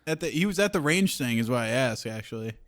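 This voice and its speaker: A man's voice: medium pitch, lively intonation, fast talker, a loud crowd. A man co-hosting a podcast, dropping dry wisecracks in casual chat. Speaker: podcast co-host.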